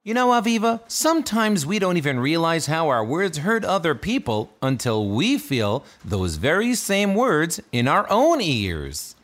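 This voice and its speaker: A man voicing a cheerful, kind talking backpack in a children's audio drama, chuckling and swooping in pitch. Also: sing-song, a little slow, hardly any pauses, a bit bright. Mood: gentle. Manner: rhyming, bouncy, chuckling, sudden swoops in pitch.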